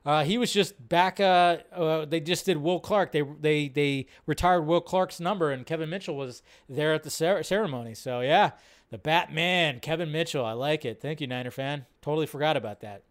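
A man's voice: on the high side, moderate pace. A man hosting a live online film show, casual, rambling and profane, with lots of fillers. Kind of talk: casual live-stream commentary.

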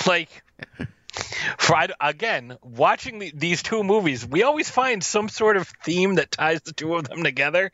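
A man's voice: a little high, expressive, measured pace, pauses often, sharp tone, dry recording, lo-fi sound. A man co-hosting a film podcast, chatting casually and jokingly, rambling with many fillers. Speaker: podcast co-host. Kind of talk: casual film review chat.

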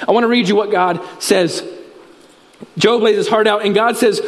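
A male pastor delivers a sermon in a strikingly high voice, telling a story and weaving in scripture with earnest conviction. His words carry a long hall reverb, as if spoken in a large church sanctuary. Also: steady tone, normal speed, pauses often.

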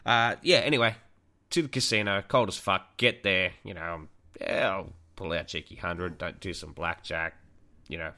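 Bright-voiced man telling a crude story. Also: low voice, moderate pace. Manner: crude, rambling anecdote telling with swearing. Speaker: podcast co-host. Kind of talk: casual podcast chat.

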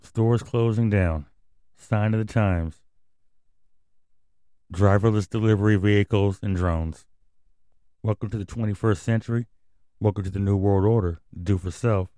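A man's voice: fairly low pitch, fairly even intonation, a little slow, long pauses, mellow, clean tone, no room sound, studio quality. Blunt, swearing radio host man. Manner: blunt, profane, rambling rants. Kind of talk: casual commentary and news reading.

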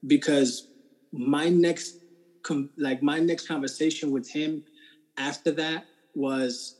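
A man's voice: a little high, fairly even intonation, takes it slowly, a little mellow, low-quality recording. A man being interviewed, telling his personal faith testimony in a casual, earnest way and often checking in with "right?". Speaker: interview guest.

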